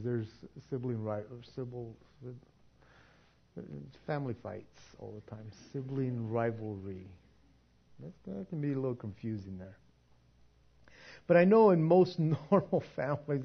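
A man preaching a casual sermon, chatty and laughing often, shifting from quiet, soft passages to loud emphatic ones. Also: mid-range voice, muffled recording.

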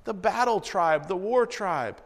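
A man preaching and reading Bible verses aloud, animated and repeating himself as he acts out the story. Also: sits high, unhurried, in a large hall. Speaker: preacher teaching a Bible passage.

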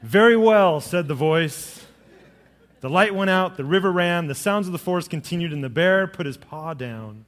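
A middle-aged pastor preaches a sermon, telling jokes and stories and pressing his points with lively emphasis. His voice sits fairly high for a man. The sound rings with the long reverb of a large hall. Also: moderate pace. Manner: jokey storytelling, rising to lively emphasis.

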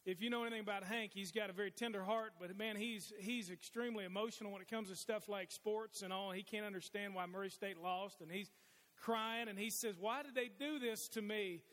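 High-voiced pastor in a reverberant hall. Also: male voice, fairly even intonation, brisk, a bit bright. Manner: folksy storytelling with many restarts. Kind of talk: sermon. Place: church sanctuary. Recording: long reverb of a large hall.

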